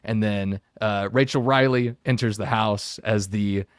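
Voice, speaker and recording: A man's voice: on the low side, steady tone, unhurried, clean tone, no room sound, studio quality. A man hosting a casual podcast discussion, recapping a reality show in a chatty way with frequent fillers. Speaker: podcast host.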